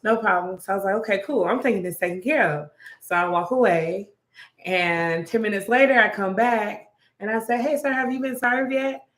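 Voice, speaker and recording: Young woman storyteller, casual, animated quotes, roomy echo. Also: medium pitch, normal speed. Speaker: restaurant manager and podcast co-host. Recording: echoey room.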